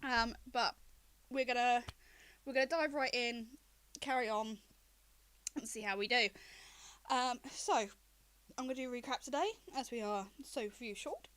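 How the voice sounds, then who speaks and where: A woman running a tabletop game as game master, recapping the story in a relaxed, chatty way. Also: fairly high pitch, unhurried.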